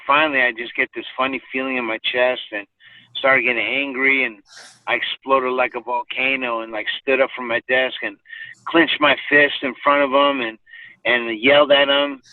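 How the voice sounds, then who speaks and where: A man's voice: medium pitch, no echo. Male guest, story with filler words, thin distant phone sound, dry. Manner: rambling, many fillers and restarts. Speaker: podcast guest. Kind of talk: personal storytelling. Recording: tinny phone-like sound from far off.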